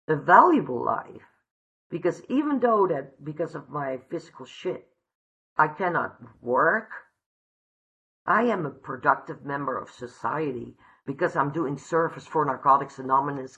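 A woman's voice: low-pitched, a bit bright, lo-fi sound. A woman from the Netherlands giving a heartfelt, candid personal recovery share, swearing freely. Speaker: recovery meeting speaker.

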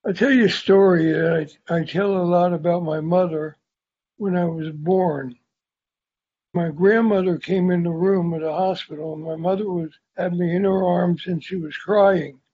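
A man's voice: high voice, steady tone, normal speed, mellow, slightly rough, muffled recording. An older man with a sore tongue sharing his story at a recovery meeting in a candid, rambling, self-deprecating way. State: sore tongue, speaking carefully. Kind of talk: personal recovery share.

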